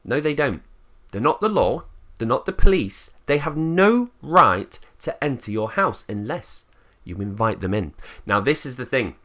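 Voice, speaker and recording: A man with an English accent rants in a casual monologue, blunt and quick to swear. His pitch swings widely as he talks. His tone is bright and forward. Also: sing-song. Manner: blunt and sweary, acts out quotes in put-on voices. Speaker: channel host.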